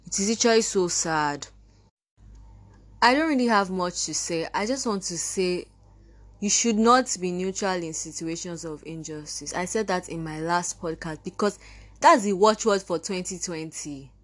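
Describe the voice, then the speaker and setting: A woman's voice: fairly low pitch, moderate pace. Teen Nigerian girl podcaster, fired-up and indignant, scoffing at the people she quotes. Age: teens. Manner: indignant, ranting, mimics others mockingly. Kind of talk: impassioned monologue.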